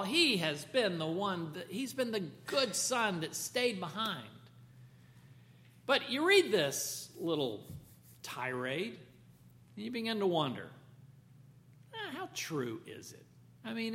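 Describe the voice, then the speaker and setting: A male preacher retells a parable in a lively, conversational way, sprinkling in asides. His voice is fairly high and bright, and it swings widely in pitch. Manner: animated storytelling, conversational asides. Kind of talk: sermon.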